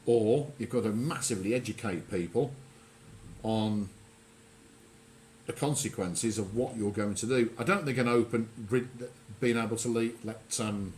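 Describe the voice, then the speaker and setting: A man's voice: on the low side, darkish tone, slight background noise. A man hosting a casual radio chat, rambling and often correcting himself mid-sentence. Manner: rambling, self-correcting, chatty. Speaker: radio show host.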